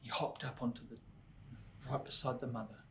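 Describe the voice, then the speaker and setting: A man telling a story to children at church, swinging between lively and hushed delivery. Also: mid-range voice, fairly quick, slight background noise.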